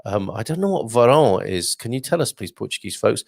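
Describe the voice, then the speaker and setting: A man's voice: fairly low pitch, sing-song, brisk, vocal fry, no room sound, clean studio sound. A man hosting a casual live stream, chatting and reading out viewer comments with lots of fillers and asides. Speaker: live show host.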